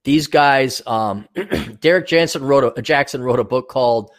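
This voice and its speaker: Speaking in a mid-range voice at an unhurried pace, a man co-hosts a casual talk show as podcast chat. He's blunt and profane, rambling along and slipping into mocking voices.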